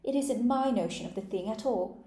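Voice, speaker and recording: A woman's voice: on the high side, a little fast, dark tone, voice pushed up, lightly acted. A woman reading aloud and voicing a flustered, scatterbrained queen, melancholy and helpless, in a roomy space. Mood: fretful. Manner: melancholy, helpless, then shrieking.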